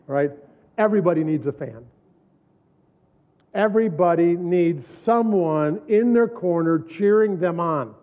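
A middle-aged man preaching a sermon, telling stories from his own life with repeated, emphatic phrases and frequent laughs. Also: on the high side. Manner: storytelling, repetitive emphatic phrasing, laughs often. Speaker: pastor. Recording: tinny phone-like recording.

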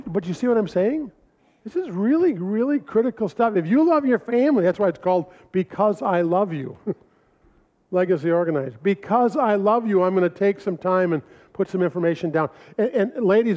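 A middle-aged man telling animated personal stories to an audience, acting out quoted voices and laughing often. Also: sits high, fairly quick. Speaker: speaker presenting his family records manual. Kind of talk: storytelling talk to an audience. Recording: dull lo-fi recording.

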